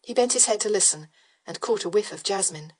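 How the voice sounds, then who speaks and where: A woman's voice: mid-range voice, lively intonation, fairly quick, a little mellow. Woman reading a romance audiobook. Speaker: audiobook narrator. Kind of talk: scripted narration.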